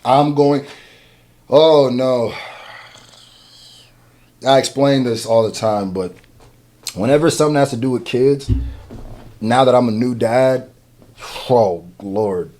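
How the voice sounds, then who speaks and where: A young man, a new father, reacting to a music video in casual commentary, getting emotional and swinging from quiet murmurs to loud laughing outbursts. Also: mid-range voice, takes it slowly, pauses often.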